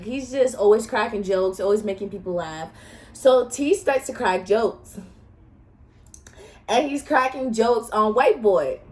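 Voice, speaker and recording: A young woman telling a personal story to her viewers in a casual, frank and profane way. She talks to them directly and laughs as she tells it. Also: a little high. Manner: animated, laughs while telling.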